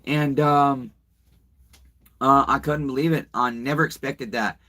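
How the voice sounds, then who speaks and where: A man's voice: medium pitch, fairly even intonation, unhurried, bright, forceful tone. A man hosting a casual livestream, rambling and swearing as he tells a story and talks to his viewers. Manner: rambling, profane, chatty, talks to viewers directly. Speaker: livestream host. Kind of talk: casual livestream chat, reading comments and telling a story.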